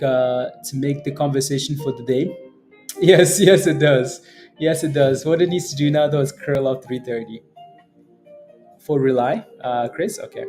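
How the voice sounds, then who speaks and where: A man hosting a live day trading stream, chatting casually about charts, often laughing and answering chat with lots of fillers and "right?". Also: mid-range voice. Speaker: day trading livestream host. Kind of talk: casual live market commentary.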